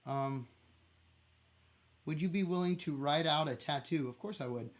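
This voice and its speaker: A man's voice: fairly high pitch, normal speed. A middle-aged man hosting a casual livestream from his home, answering viewers' questions openly, with many fillers and restarts. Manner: open, rambling, candid, with many fillers and restarts.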